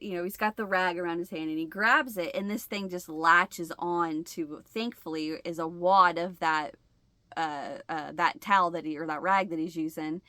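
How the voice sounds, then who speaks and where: Bright, animated woman telling a story. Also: medium pitch, no room sound, studio quality. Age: adult with a husband. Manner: animated, acts out her own shouts and gasps. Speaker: channel host. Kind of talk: casual storytelling vlog.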